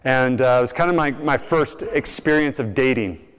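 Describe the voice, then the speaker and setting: A man's voice: medium pitch, moderate pace, smooth. A young man preaching a sermon, telling stories and acting out the people he quotes. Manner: animated storytelling, acts out quoted voices. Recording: long reverb in a large hall.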